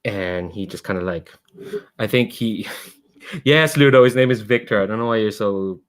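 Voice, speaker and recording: A man's voice: fairly low pitch, moderate pace. A man running a tabletop game as game master, rambling casually and often laughing.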